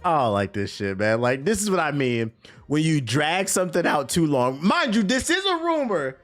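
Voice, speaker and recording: A man's voice: a little high, normal speed, soft background music. A man streaming about gaming news, ranting and joking with lots of swearing and sarcasm. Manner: animated, swearing, sarcastic, laughs often. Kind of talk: casual profane reaction rant.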